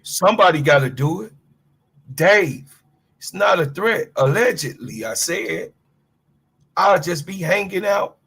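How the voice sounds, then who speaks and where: A man's voice: high-pitched, unhurried, long pauses, fairly bright tone, husky. A middle-aged man from Chicago giving a fiery, profane sports rant to his livestream chat. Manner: fiery, profane, preachy, talks straight to chat.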